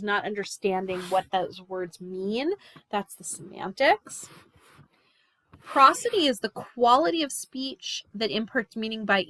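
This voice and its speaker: A woman's voice: medium pitch, fairly bright tone, no room sound. A woman giving a recorded class lecture, explaining terms with frequent "um" and "right?" check-ins.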